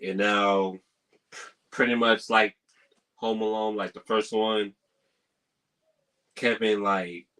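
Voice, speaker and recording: A man's voice: fairly low pitch, flat delivery, slow, pauses often, bright, forceful tone. A man hosting a live stream, casually recapping a movie plot in slangy talk and chuckling often as he goes. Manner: slangy, chuckles often while recounting scenes.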